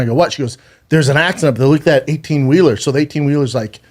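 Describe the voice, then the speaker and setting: A man's voice: mid-range voice, a little mellow. A man in his thirties telling a harrowing personal story on a podcast, swearing often, stumbling and repeating words, holding back tears. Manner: profane, halting, restarts and repeats words.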